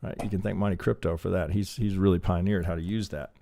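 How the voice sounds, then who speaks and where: A man's voice: sits low, fairly even intonation, brisk, creaky, dark tone. A man teaching trading while he works through a chart, rambling and profane, thinking aloud with many restarts. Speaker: trading educator. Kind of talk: live chart analysis lesson.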